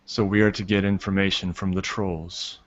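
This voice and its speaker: A man playing a tabletop game who speaks slowly and quietly. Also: deep voice, little pitch movement. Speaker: player. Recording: dull lo-fi recording.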